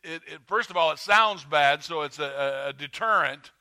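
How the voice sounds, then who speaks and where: A man preaching a sermon as pastor, conversational and halting with fillers and restarts, rising when he stirs up the congregation. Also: bright, forceful tone. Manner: rises in pitch and volume when stirring the congregation. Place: church sanctuary.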